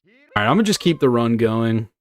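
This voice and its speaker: A young streamer with a medium-pitched voice talks to his live chat while speedrunning, sounding animated and fairly quick. He rambles, jokes and swears casually as he reads messages.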